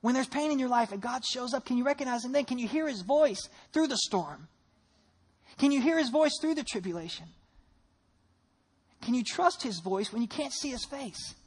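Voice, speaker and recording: A woman preacher delivers a lively sermon with a somewhat high, husky voice. She retells the stories vividly and asks her listeners a string of rhetorical questions. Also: normal speed. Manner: animated storytelling with rhetorical questions.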